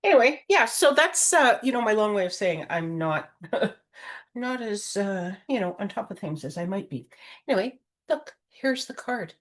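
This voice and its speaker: A woman's voice: medium pitch, very animated, moderate pace. A woman giving a rambling, friendly card-making tutorial, full of fillers and chuckles. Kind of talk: chatty craft tutorial.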